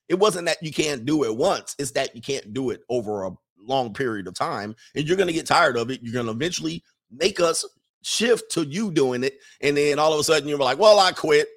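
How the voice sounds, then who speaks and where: Animated man mocking in impressions. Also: on the high side, normal speed. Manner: colloquial, repeats "all right". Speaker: commentator. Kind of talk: casual monologue.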